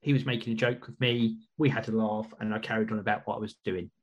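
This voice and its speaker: A man's voice: fairly low pitch, flat delivery, fast talker, dull audio. A man hosting a podcast, chatting casually and rambling with restarts. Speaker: podcast host.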